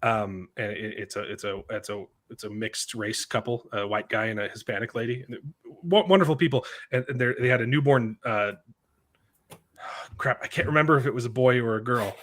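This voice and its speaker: A man's voice: mid-range voice, a little fast, fairly bright tone. A man chatting as a guest on a live stream, rambling through anecdotes and repeating words. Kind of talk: casual live-stream chat.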